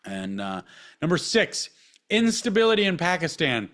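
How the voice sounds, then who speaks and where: A man's voice: on the high side, sing-song, normal speed, a bit bright. A man hosting a podcast, reading out a list with blunt, sarcastic, profane asides. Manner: blunt, sarcastic, swears often, reads lists aloud with asides. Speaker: podcast host. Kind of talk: profane casual commentary.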